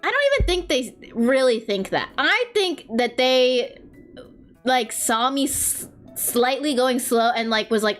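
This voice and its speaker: A young woman streamer with a high, bouncy voice that swoops up and down as she tells rambling, self-mocking stories. She chats casually while drawing, and faint music plays behind her. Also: animated, a little slow.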